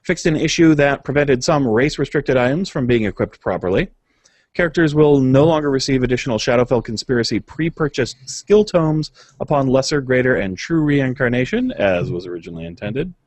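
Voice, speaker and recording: A man co-hosting a podcast reads through patch notes in a casual way, stopping for uhs and little laughs. His voice sits at an ordinary middle pitch. The recording is dry and close, with no room sound. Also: lively intonation, brisk, no room sound. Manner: reads notes aloud with many filler uhs and chuckles. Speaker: podcast co-host.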